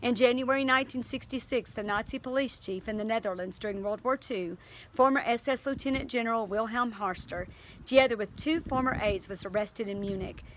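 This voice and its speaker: A woman's voice: fairly high pitch, a little fast, a little hiss or hum. Earnest teacher woman reading to a class. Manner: earnest, emotional, with fillers and restarts. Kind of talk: reading aloud to a class, then chatting.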